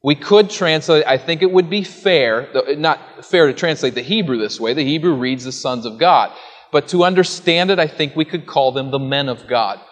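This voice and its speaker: A man's voice: on the high side, moderate pace. A man preaching an expository sermon, teaching earnestly and putting rhetorical questions to his listeners before answering them. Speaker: pastor. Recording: long hall reverb.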